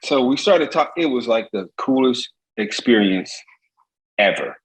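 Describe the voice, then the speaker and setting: A man from Indiana, a former pitcher, animatedly telling stories as a podcast guest. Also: a little slow, heavy background noise. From Gary, Indiana. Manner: animated, acts out voices, laughs easily. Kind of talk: casual storytelling.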